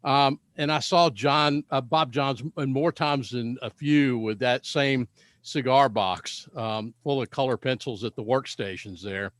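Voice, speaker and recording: A man's voice: mid-range voice, measured pace, no echo. Male host, mid voice, dry close audio, rambling chatty delivery. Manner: rambling with fillers and restarts. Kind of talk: casual podcast chat.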